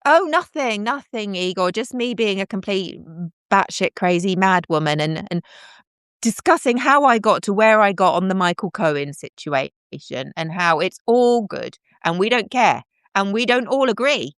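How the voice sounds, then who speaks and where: A woman's voice: medium pitch, expressive, moderate pace, fairly bright tone, no echo, studio quality. A middle-aged woman, chatting in a bubbly, self-deprecating way to commenters on her live stream. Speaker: livestream host.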